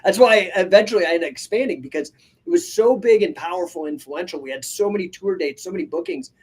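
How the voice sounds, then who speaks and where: A man's voice: sits high, animated, quick pace, breathy edge. A man hosting a live podcast, telling stories energetically with many asides and casual swearing. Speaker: podcast host and coach. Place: live stream.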